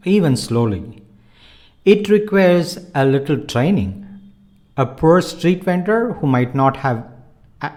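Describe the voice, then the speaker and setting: A man with a slightly high voice teaches an online language lesson. He explains things in a measured, earnest way, leaning on simple analogies.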